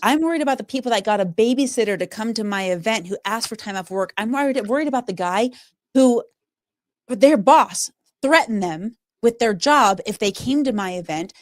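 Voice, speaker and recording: A woman's voice: a little high, fairly quick, no room sound. Emphatic woman speaker, dry close sound. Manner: emphatic, animated storytelling. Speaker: public speaker and trainer. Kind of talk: conversational podcast interview.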